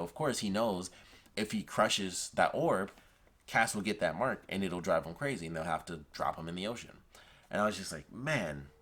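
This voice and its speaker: A man's voice: deep voice, fairly bright tone. A man reviewing a TV episode in a casual, enthusiastic and rambling way, retelling scenes with lots of "like".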